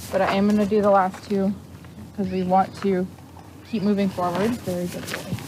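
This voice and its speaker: A woman's voice: mid-range voice, slight background noise, low-quality recording. A young woman teaching horse exercises in casual, chatty talk while working with a horse at a barn. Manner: chatty, explains freely, coos softly to the horse. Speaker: equine exercise instructor.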